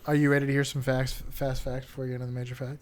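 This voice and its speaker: A man co-hosting a casual comedic podcast chat, jokey and laughing often as he reads out facts haltingly. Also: mid-range voice, level tone. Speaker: podcast co-host.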